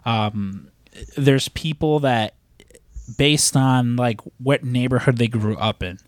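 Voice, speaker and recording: A man's voice: mid-range voice, slow pace, dry recording, clean studio sound. A man chatting casually on a podcast, rambling with lots of filler words. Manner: rambling, heavy use of "like" and "you know". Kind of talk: casual chat.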